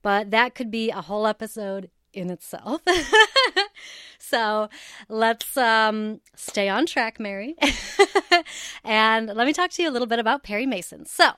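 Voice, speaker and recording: A woman's voice: fairly high pitch, a little slow, fairly bright tone, clear, resonant tone, no echo, studio quality. Bubbly woman hosting a solo podcast. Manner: bubbly, chatty, laughs often. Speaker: podcast host. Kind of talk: casual solo podcast chat. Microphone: headphones with cable, home recording setup.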